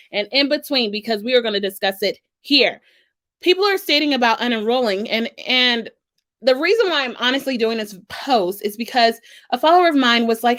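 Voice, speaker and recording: A woman from the States, hosting a casual financial advice vlog in a sassy, animated manner. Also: high-pitched. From Southern United States. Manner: animated and sassy, with frequent "okay?" check-ins. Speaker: financial coach and channel host.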